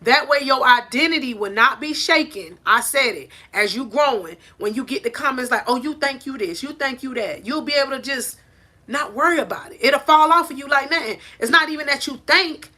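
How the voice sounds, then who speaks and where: This bright-voiced life coach sits high in pitch and speaks a little fast, recording herself on a phone held in hand out on a porch. Her motivational talk to camera is preachy and emphatic, and she keeps saying "I said it."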